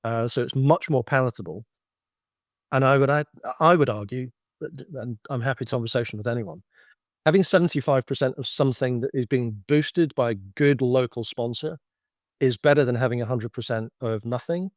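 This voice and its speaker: A man's voice: medium pitch, normal speed, no room sound. Man explaining with dry clarity. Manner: explanatory, anecdotal, frequent restarts. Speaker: business consultant guest. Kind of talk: slide-based business presentation.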